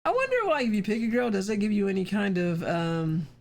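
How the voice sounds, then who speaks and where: A woman's voice: mid-range voice, very animated, brisk. A woman streaming a video game, chatting casually with wry, self-interrupting asides. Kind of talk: casual live-stream commentary.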